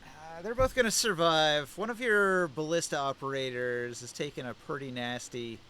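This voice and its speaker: A man's voice: on the high side, moderate pace, bright, forceful tone, a little hiss or hum. A man narrating as game master, easygoing, with frequent fillers.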